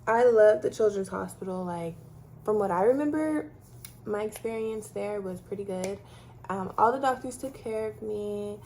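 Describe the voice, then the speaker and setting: A woman with a mellow, darker voice telling a personal story to camera. She talks casually, with frequent "like" and "um" fillers. She grew up in Texas. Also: mid-range voice, moderate pace, slight background noise. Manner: chatty, many fillers like "like" and "um". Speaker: vlogger sharing her story.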